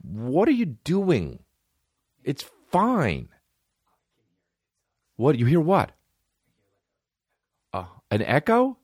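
A man's voice: fairly high pitch, wildly swooping pitch, extremely slow, long pauses, darkish tone, breathy edge, dry recording, clean studio sound. A man in his thirties hosting a casual solo comedy podcast, rambling and swearing, slipping into mimicked voices of other people. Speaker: podcast host. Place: small indoor room with a creaky chair.

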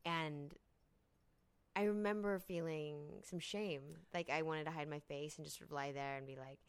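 Woman host, lower pitch, dry close recording, casual and affirming. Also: fairly even intonation, normal speed, clear, resonant tone, no echo. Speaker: podcast host. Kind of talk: casual interview chat.

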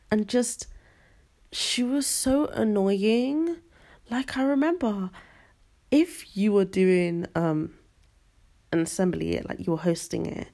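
A young woman rants her way through a casual storytelling podcast, all slang and exasperation. Her voice sits at a middling pitch for a woman and drags into a gravelly fry at the ends of phrases. It is loose, chatty and animated. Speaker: podcast host.

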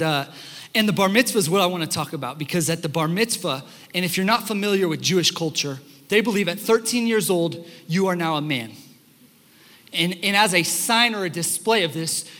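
Animated young male pastor in a reverberant hall. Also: high voice, moderate pace. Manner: animated storytelling, acts out quotes. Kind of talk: sermon. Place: church sanctuary.

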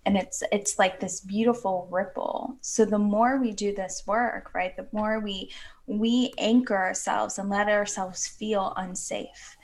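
Woman in her 30s on a podcast, earnest rambly chat, lots of "like", bit of vocal fry. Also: medium pitch, fairly even intonation, measured pace. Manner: earnest, flowing, many "like" fillers. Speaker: podcast guest, women's coach.

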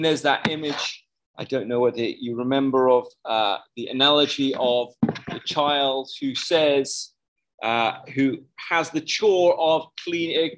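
A man's voice: medium pitch, fairly bright tone, rough recording. A man preaching a sermon in a conversational way, often stopping to correct himself. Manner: conversational, with frequent self-corrections.

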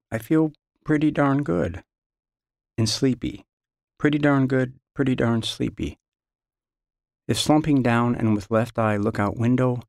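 A man reading his own literary story aloud in a measured, halting first-person delivery, recorded close in a studio. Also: lowish voice, creaky, no echo.

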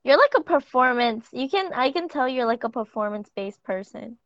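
Young female podcast co-host, fairly high voice, relaxed and sleepy, dull dry lo-fi recording. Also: dry recording. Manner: relaxed, drawn-out, yawning. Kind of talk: casual chat.

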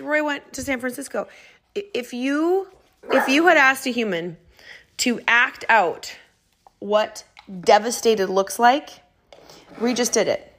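A woman hosting a podcast from home, telling stories in a chatty, animated way and laughing often. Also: on the high side, measured pace. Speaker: podcast host. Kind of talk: casual storytelling.

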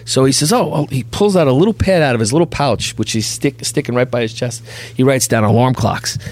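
A middle-aged man from New York, a podcast guest telling a lively anecdote who jumps into high, loud voices for the people he quotes. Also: fairly quick. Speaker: podcast guest, bail bondsman.

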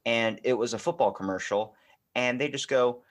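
A man hosting a podcast in casual chat. He is animated and profane and often jumps into acted quotes. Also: mid-range voice, normal speed. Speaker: podcast host.

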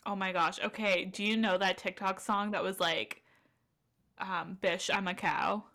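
A woman's voice: mid-range voice, steady tone, a little slow, bright, forceful tone. A woman hosting a casual podcast chat, asking questions and responding encouragingly.

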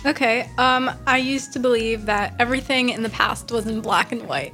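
A teenage girl joins a casual radio chat as a guest. Her voice is fairly high and bright, and she explains things in a calm, matter-of-fact way. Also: normal speed, soft background music.

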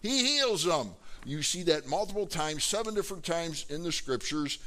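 A man's voice: a little high, animated, normal speed, bright, forceful tone. Man preaching in a conversational style. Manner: conversational preaching with frequent fillers and rhetorical questions. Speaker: pastor. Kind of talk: sermon.

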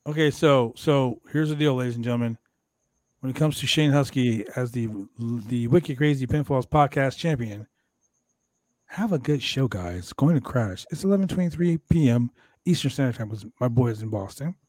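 A man's voice: normal speed, dry recording. A man hosting a podcast, recapping wrestling in a loose, joking way and acting out quoted lines. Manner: animated, jokey, acts out quoted lines in high voices. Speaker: podcast host. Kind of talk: casual wrestling recap chat.

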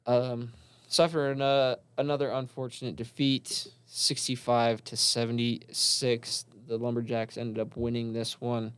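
A man's voice: mid-range voice, level tone, measured pace, few pauses, clear, resonant tone, dry recording. A young man co-hosting a college sports talk show, recapping games in a loose, casual way with lots of fillers. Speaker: college sports podcast co-host.

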